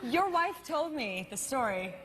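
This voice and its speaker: A woman's voice: sits high, very animated, a little slow. A woman guesting on a talk show, teasing the host and laughing a lot. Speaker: actress guest.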